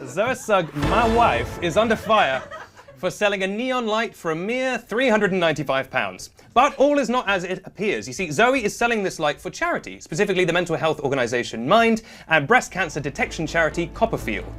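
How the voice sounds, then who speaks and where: A man hosting a comic news show, delivering sarcastic, deadpan jokes. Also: high-pitched. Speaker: host.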